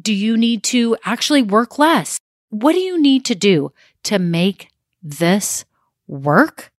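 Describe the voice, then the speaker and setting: A woman in her thirties coaching small-business owners in a brisk, direct, chatty way, peppered with "like." Her voice sits at a middle pitch, and the recording is close and dry with no room sound. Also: big pitch swings, no echo. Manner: direct, rapid, conversational, uses "like" often. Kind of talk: motivational talk to camera.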